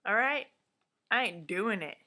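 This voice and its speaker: A woman's voice: medium pitch, expressive, unhurried, bright, forceful tone, voice pushed up. A woman voicing an indignant, jealous young boyfriend who talks in slang.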